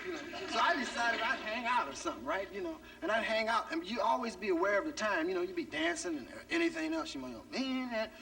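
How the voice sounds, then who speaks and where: A man's voice: very high-pitched, fast talker, vocal fry, few pauses. A man performing stand-up comedy, telling a story about his youth and jumping into the voices of the people in it. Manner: animated, jumps into characters' voices. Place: comedy stage before a live audience. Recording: distant stage mic with faint noise.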